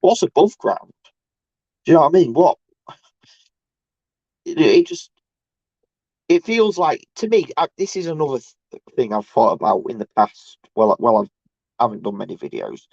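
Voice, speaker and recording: A man's voice: expressive, vocal fry, a little mellow, no echo. Rambling man, dull lo-fi sound. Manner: halting, restarts often, mocks others in sarcastic high bursts. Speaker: livestreamer. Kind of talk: rambling casual livestream rant.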